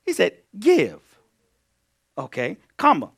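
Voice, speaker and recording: Pastor, male, high-voiced and highly animated, preaching a sermon with loud peaks and low asides. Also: slow pace, gravelly, husky. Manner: call-and-response preaching, swings between loud bursts and low asides.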